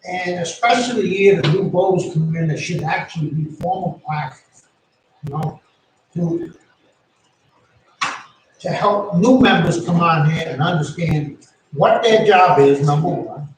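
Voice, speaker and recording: Plainspoken male board member with a slightly high voice, recorded from across a reverberant room. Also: unhurried, pauses often. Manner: plainspoken, reads questions aloud then gives opinions. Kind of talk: casual meeting discussion. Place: town meeting room. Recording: very echoey room, distant mic, faint noise.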